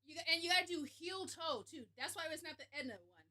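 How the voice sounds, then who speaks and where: A woman streamer tells a story to her live chat with animation and candor. Her voice sits high and rings bright. She laughs easily and swears without pause. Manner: animated, laughing, frank and profane.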